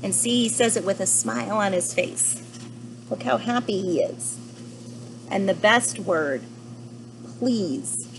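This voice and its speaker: A young woman teacher reads a children's picture book aloud, pausing gently to ask her young listeners questions. Her voice sits at a middle pitch, and there is a noticeable hiss throughout the recording. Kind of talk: children's story read-aloud.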